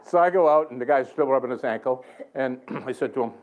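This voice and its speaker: A man's voice: medium pitch, normal speed, darkish tone. A man preaching a sermon in a church, telling a story with lots of chuckles and self-mocking humor. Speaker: guest preacher. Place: church sanctuary.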